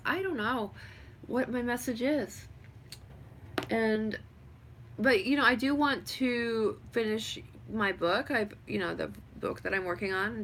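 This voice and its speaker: A woman vlogger talks loosely to her livestream viewers, full of likes and you-knows. Her voice is bright and forward, with a pitch in the ordinary middle. A faint background noise sits under her home setup. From Hobbs, New Mexico. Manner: rambling, chatty, filler-heavy; answers viewer questions with frequent laughs. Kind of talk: casual livestream chat. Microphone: webcam or phone livestream.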